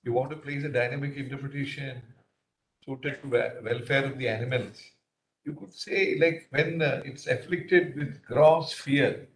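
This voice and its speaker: Male judge, mid pitch, probing thinking-aloud questions, echoey courtroom recording. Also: measured pace. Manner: probing, thinks aloud with "uh, you know" fillers. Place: large courtroom. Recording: roomy courtroom audio.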